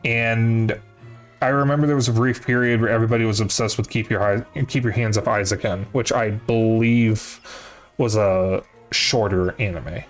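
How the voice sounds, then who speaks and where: A man's voice: on the low side, fairly even intonation, normal speed. A young man streaming, chatting casually to his viewers, rambling and correcting himself as he goes, with the odd curse. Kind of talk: casual chat to a live chat. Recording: faint music behind voice.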